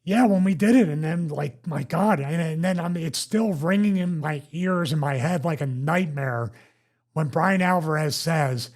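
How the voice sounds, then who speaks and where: A man with a Philadelphia accent hosting a casual podcast, losing his voice, talking in an animated way. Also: on the high side, moderate pace. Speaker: host.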